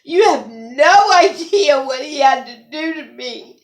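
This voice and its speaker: A woman's voice: high-pitched, animated, slow, hardly any pauses. A woman ranting to camera in an angry, scolding, at times tearful vlog. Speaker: vlogger. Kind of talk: emotional rant to camera. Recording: roomy echo.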